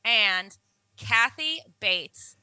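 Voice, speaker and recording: Very bright woman co-host on a dry mic. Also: fairly high pitch, expressive, smooth, dry recording, rough recording. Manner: brisk listing of cast and facts. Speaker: podcast co-host. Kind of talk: casual chat presenting a show.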